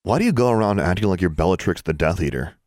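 A man's voice: deep voice, lively intonation, fast talker, a little mellow, no room sound, studio quality. A man voicing an earnest, slightly awkward teenage wizard boy.

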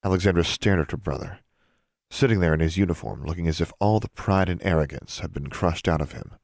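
A man narrating a story aloud in a steady storytelling manner. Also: low-pitched, a little fast, vocal fry, no room sound, clean studio sound. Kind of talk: audiobook reading of fan fiction.

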